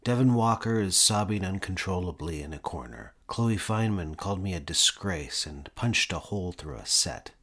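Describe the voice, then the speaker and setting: A man narrating a comic novel in the first person with a deadpan, wry delivery. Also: low voice, normal speed, hardly any pauses, slightly rough. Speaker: audiobook narrator.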